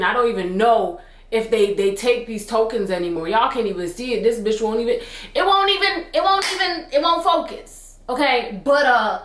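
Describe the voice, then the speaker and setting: A young woman tells a story in a high, bright voice, slangy and expressive. She is recorded in a room with a noticeable echo. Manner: animated, expressive, slangy retelling. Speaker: storytime vlogger. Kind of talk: casual storytime. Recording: roomy echo.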